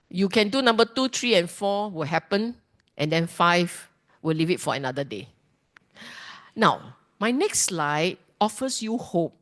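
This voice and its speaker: Woman, dharma teacher, emphatic, questioning, classroom lesson. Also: on the low side. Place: class hall.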